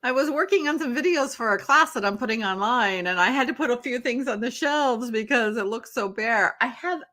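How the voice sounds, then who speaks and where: A woman's voice: a little high, normal speed, pushed and bright. A woman hosting a tarot live stream from her home office, chatting loosely with viewers, addressing them by name and yawning now and then. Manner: chatty, rambling, talks to viewers by name, yawns often. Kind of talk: casual chat on a live stream.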